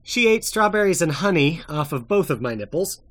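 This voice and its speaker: A man guesting on a podcast, answering in casual chat with halting restarts and laughs. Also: on the high side, big pitch swings, fairly bright tone. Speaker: podcast guest, former reality show contestant.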